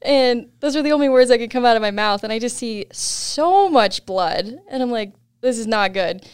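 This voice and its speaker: Chatty young woman, smooth clear voice. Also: a little high, moderate pace, dry recording, clean studio sound. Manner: laughs often, animated when quoting others. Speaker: podcast guest, snowboarder. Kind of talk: casual chat, storytelling.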